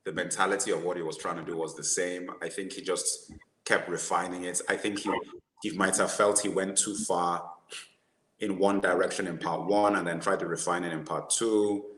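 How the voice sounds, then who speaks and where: A man co-hosting a casual movie discussion, talking in an animated way, restarting his sentences and laughing at his own jokes. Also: low voice, normal speed, roomy sound, poor audio. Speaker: podcast co-host.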